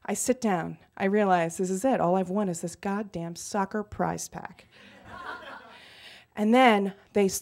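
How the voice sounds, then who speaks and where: A woman telling a comic true story live on stage, animated and acting out the people she quotes. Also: mid-range voice. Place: theater stage before an audience.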